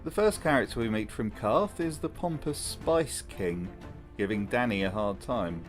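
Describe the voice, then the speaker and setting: A man hosting a comedic video essay, narrating with dry, mocking commentary. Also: lowish voice.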